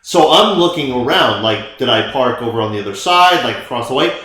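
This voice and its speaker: A man's voice: mid-range voice, lively intonation, fairly quick, sharp tone. Male co-host, chatty rambling storyteller; heavy room echo. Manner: rambling, many fillers, laughs often. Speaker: podcast co-host. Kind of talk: casual storytelling chat. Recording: echoey room.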